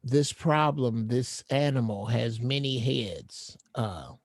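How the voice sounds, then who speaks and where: A man on a casual podcast chat, talking slowly and rambling in a folksy way. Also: mid-range voice, dry recording, studio quality.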